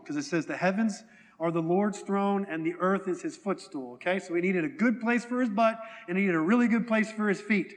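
A man gives a relaxed, chatty sermon and keeps checking in with the congregation. His voice sits fairly high for a man. Long reverb trails off each phrase in the church hall. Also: a little fast. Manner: conversational, asks the congregation questions. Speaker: pastor.

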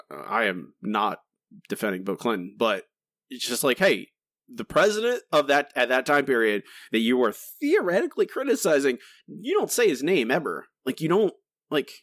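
A man's voice: medium pitch, fairly bright tone, no room sound. A man co-hosting a podcast, ranting in exasperated casual chat with many restarts and asides. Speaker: podcast co-host.

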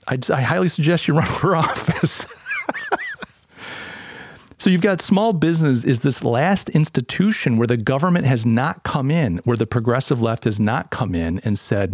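A male podcast host argues his case in an emphatic monologue and stacks up rhetorical questions. His voice sits at an ordinary middle pitch. The sound is dry and close, with no room echo. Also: lively intonation, moderate pace, a little mellow. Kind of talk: opinion monologue.

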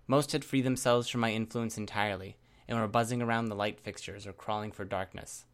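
A man reading a first-person story aloud in a steady, measured narration. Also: fairly low pitch. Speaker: audiobook narrator.

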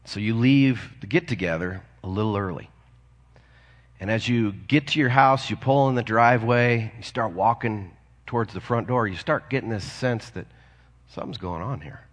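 A man's voice: on the low side, normal speed. A man preaching a sermon as a pastor, earnest and conversational, asking his listeners questions as he goes. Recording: long reverb of a large hall.

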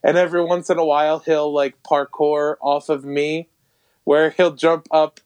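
A man's voice: on the high side, level tone, measured pace, darkish tone, smooth. A man co-hosting a podcast in casual, crude, giggly chat. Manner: laid-back, giggly, crude humor. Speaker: podcast co-host.

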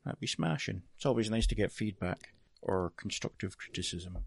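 Laughing Scottish man, lively and low. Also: moderate pace, gravelly, husky, no echo. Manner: laughing, self-deprecating, sweary. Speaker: podcast guest presenter. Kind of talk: casual chat.

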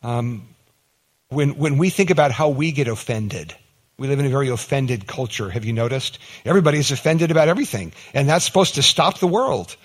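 A man preaching a conversational sermon, his pitch swinging up for emphasis and down for weight. He repeats words as he builds a point and slips into short acted-out exchanges. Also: lively intonation, brisk. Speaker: pastor.

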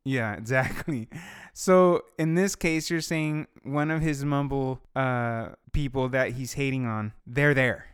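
A man's voice: mid-range voice, slow pace, few pauses, clear, resonant tone, dry recording, clean studio sound. A man co-hosting a podcast in casual chat, steering the talk with leading questions and frequent "right?" check-ins. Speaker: podcast co-host.

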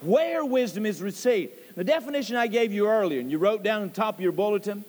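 A man's voice: lively intonation, fairly quick, darkish tone, in a large hall. A male pastor preaching a sermon in a church, emphatic and repetitive, swooping up on key words. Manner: emphatic, repeats key phrases, voice swoops high on stressed words. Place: church sanctuary.

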